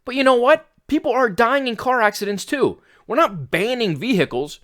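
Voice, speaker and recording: A man's voice: very high voice, lively intonation, moderate pace, hardly any pauses, a bit bright. A man hosting a fitness podcast, giving a blunt, exasperated rant that includes some swearing. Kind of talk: ranting podcast monologue.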